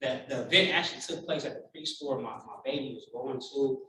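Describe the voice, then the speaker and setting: A man's voice: mid-range voice, brisk. A man in his thirties giving a keynote speech to a large room, telling a personal story with feeling and acting out what people said. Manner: heartfelt, animated storytelling with acted-out quotes. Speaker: keynote speaker. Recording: very echoey hall, voice from far off.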